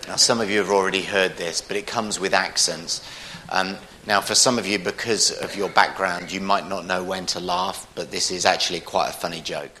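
A man's voice: sits low, steady tone, moderate pace, bright, forceful tone, a little hiss or hum. A man, a pastor giving a jokey, rambling sermon in church.

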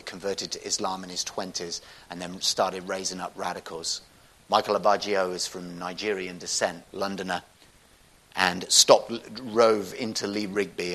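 A man's voice: sits low, sharp tone, low-quality recording. A man giving a public talk with slides, speaking in a conversational, earnest way with frequent restarts.

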